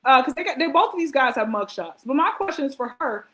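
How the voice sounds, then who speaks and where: A woman with a high, bright-sounding voice hosts a relaxed podcast conversation. She is animated and quick with her asides, and she often breaks into laughter. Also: slight background noise, low-quality recording. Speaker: podcast host. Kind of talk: casual podcast chat.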